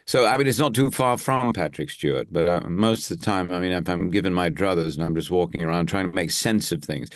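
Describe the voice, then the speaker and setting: A man's voice: deep voice, brisk, hardly any pauses, no echo, studio quality. A man, an actor and impressionist, chatting as an interview guest in a rambling, easygoing way with easy laughs. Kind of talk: casual interview chat.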